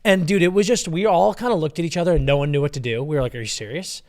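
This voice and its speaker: A young man co-hosting a podcast, telling a story in an animated, casual way and swearing freely. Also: fairly high pitch, very fast. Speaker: podcast co-host. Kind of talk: casual chat.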